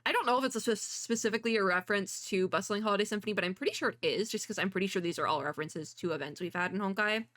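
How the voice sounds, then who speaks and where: A woman giving casual, excitable reaction commentary as a VTuber, chatty and gushing. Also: medium pitch, rapid-fire, few pauses. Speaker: VTuber reacting to an animated short. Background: faint music from the video.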